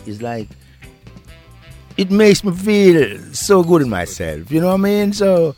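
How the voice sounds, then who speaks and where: An older Jamaican-accented reggae deejay reminisces in a laid-back interview, laughing often, with faint music playing behind. His medium-pitched, slightly mellow voice is very animated and fairly quick.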